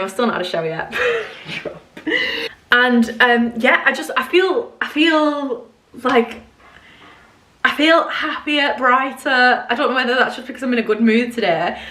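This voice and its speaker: Young girl vlogging from her bedroom, rambly and self-deprecating, slightly high voice. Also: a bit bright. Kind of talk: casual chat to camera. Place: bedroom at home.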